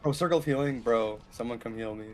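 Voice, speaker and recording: A man's voice: medium pitch, fast talker, soft background music. A man bantering while playing a match, slangy and playful. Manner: slangy, playful, says "bro" often. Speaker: co-player. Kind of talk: casual game banter.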